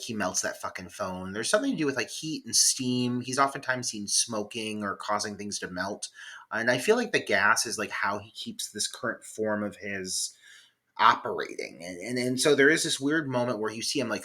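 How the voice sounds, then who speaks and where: A man's voice: fairly low pitch, normal speed, sharp tone. A man co-hosting a podcast, chatting casually about a film in a rambling, profane way, full of "like" fillers. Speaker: podcast co-host. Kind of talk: casual film review chat.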